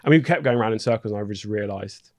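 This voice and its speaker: Guy from down south telling a story, lively, does the voices of people he's quoting, dry close mic. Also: on the low side, fast talker, no echo. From Dorking, England. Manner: animated, acts out the other person's lines in the retelling. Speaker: podcast guest. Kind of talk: casual storytelling chat.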